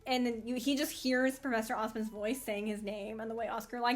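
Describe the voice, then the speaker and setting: A woman hosting a casual anime fan commentary, rambling in an animated way with frequent laughs and restarts. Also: on the high side, a little fast, few pauses.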